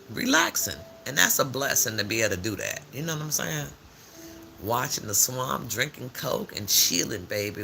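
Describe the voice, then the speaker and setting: Animated, gravelly older man chatting live. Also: mid-range voice, slight background noise. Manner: chatty, animated storytelling with frequent laughs and slang. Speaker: live-stream host. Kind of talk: casual morning live-stream chat.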